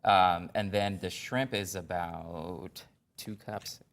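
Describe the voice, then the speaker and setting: A man cooking as a guest chef on a local TV show, explaining the steps in a relaxed way with a few fillers. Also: low-pitched, slow pace.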